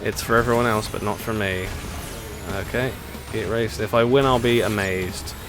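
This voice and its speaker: A man's voice: fairly low pitch, steady tone, normal speed. A man chatting casually as he streams a racing game, laughing often and reading chat aloud. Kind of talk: casual gameplay commentary. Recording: game music behind the voice.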